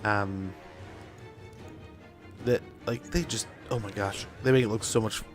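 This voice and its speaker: A man's voice: lowish voice, fairly even intonation, unhurried, music in the background. A young man chatting casually and rambling while playing a strategy game on stream, with lots of fillers. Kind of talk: casual gameplay chat.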